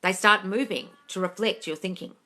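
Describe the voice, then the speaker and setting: A woman coach runs a live question-and-answer stream, talking bluntly and swearing freely. Her voice is bright and sharp, at a middle pitch for a woman, and she drives each point home with firm emphasis. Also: normal speed. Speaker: manifestation coach hosting a live Q&A. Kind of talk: casual live Q&A, answering viewer comments. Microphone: phone or computer mic for a live stream.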